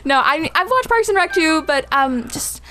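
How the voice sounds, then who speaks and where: A woman's voice: sits high, lively intonation, normal speed, pushed and bright, a little hiss or hum. A young woman chatting as a podcast guest, bubbly and giggly, often laughing at herself. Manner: giggly, bubbly, self-deprecating. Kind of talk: casual chat.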